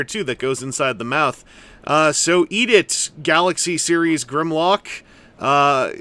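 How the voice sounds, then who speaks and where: With a slightly high, sharp-toned voice, a man reviewing toys chats loosely while assembling and unboxing a collectible figure, tossing in jokes along the way.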